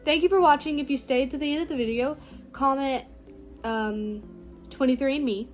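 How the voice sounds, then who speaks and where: A teenage girl talking casually to the camera, slow and reflective, her phrases often trailing off softly. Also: high-pitched, soft background music, low-quality recording. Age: teens. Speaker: vlogger. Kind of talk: casual personal talk to camera.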